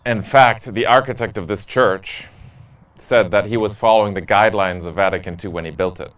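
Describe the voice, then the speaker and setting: Joking priest answering questions, off-mic. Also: male voice, on the low side, fairly even intonation, normal speed, fairly bright tone, distant mic. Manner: candid, joking storyteller who laughs at his own stories. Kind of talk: casual Q&A talk to a parish group.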